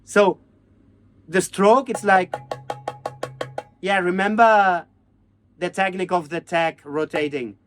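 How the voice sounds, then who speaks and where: A man teaching hand-drum technique, chanting drum syllables and counting beats in halting. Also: high-pitched, steady tone, faint music behind. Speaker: percussion teacher. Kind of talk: hands-on music lesson.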